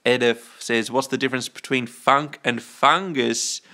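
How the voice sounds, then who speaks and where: A man's voice: mid-range voice, fairly even intonation, a little slow, pushed and bright. A man from Australia hosting a live stream, chatting in a rambling, playful way, trailing off, restarting and reading out chat comments. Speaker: livestream host.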